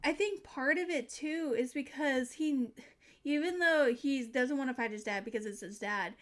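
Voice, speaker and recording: A woman's voice: high-pitched, moderate pace. A young woman reacting to a show in casual commentary, emotional, teary and swearing freely. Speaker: reaction video host.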